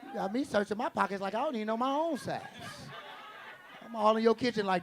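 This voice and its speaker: A man performing stand-up comedy in a high, gravelly voice. His delivery is brash and profane, full of quick punchy lines and acted-out quotes. Audience laughter rises behind him. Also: some chatter behind, a little hiss or hum.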